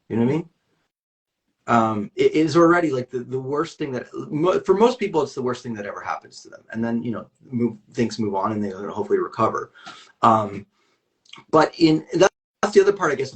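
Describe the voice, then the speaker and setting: A man's voice: mid-range voice, a bit bright. Earnest rambling man in conversation. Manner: earnest, rambling, many restarts and fillers. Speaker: interview guest. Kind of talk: candid conversational interview.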